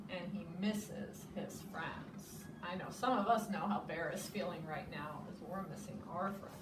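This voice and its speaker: A woman's voice: mid-range voice, lively intonation, unhurried. A woman preschool teacher reading a picture book aloud to children, explaining words as she goes. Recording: echoey room, from a distance, noisy.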